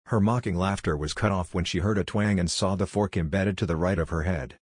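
A man narrating a fan-fiction story in an even, storytelling manner. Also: low voice, a little fast, breathy edge, dry recording, studio quality.

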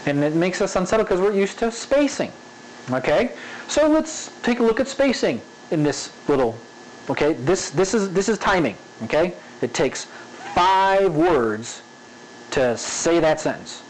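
Male animation instructor, relaxed and conversational, slightly high voice, light background hiss. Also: unhurried, rough recording. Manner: conversational, frequent "okay?" checks, repeats example sentence with varied emphasis. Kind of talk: casual spoken tutorial.

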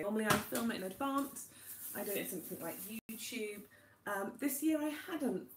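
Young woman from Wales, fast and chatty live-streamer, bit high, tablet mic in an echoey kitchen. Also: slight background noise. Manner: quick, chatty, reading out viewer names. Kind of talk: casual live-stream chat. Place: home kitchen while cooking. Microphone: tablet camera.

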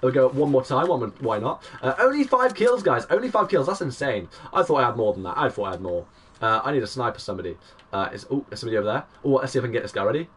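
A young man, giving excitable play-by-play commentary on his live game stream and greeting chat viewers. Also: mid-range voice, quick pace, husky, recorded from a distance. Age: 20s.

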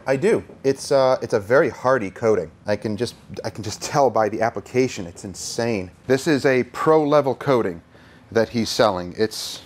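A man's voice: mid-range voice, slightly rough. Easygoing man explaining car detailing. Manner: relaxed, plain-spoken, easygoing teasing. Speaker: car detailer and channel host. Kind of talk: hands-on instructional commentary.

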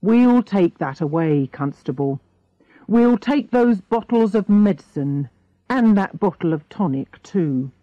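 A woman voicing a calm, stern male police inspector in an audiobook, speaking in a measured way. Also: sits high, no room sound, dull audio.

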